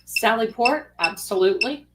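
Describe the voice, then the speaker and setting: A woman hosting a casual livestream, chatting excitedly as she eats and comments. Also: fairly high pitch, normal speed, heavy background noise. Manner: excited, chatty, talks with mouth full. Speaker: livestream host. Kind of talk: casual live commentary while eating. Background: dish and cutlery clatter.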